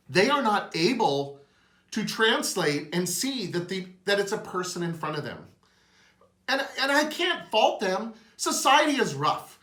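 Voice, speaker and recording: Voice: mid-range voice, bright, forceful tone, roomy sound. A host giving an earnest, emotional opinion monologue.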